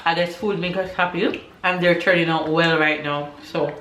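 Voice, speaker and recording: A woman's voice: lowish voice, fairly even intonation, moderate pace, fairly bright tone. A young adult woman making a casual cooking vlog at home, chatty and giggly, humming little tunes as she goes. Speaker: vlogger. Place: home kitchen. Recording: echoey kitchen, faint noise.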